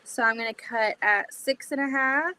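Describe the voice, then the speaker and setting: A woman's voice: sits high, normal speed, pushed and bright, a little hiss or hum. Chatty woman thinking aloud while sewing. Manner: chatty, thinks aloud, talks to viewers while cutting fabric. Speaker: livestream host. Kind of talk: casual sewing livestream chat.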